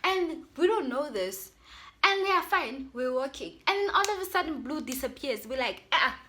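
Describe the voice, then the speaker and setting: A woman's voice: high voice, lively intonation, normal speed, background noise. A young South African woman with an accent, chatting animatedly to her viewers as she tells a storytime. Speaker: YouTuber. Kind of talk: casual storytime.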